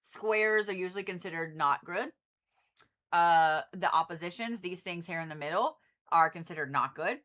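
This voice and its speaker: A woman's voice: lowish voice, normal speed, bright, forceful tone. A woman astrologer hosting a live reading, joking and swearing casually as she explains a birth chart. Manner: loose, joking, swears freely. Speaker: astrologer host.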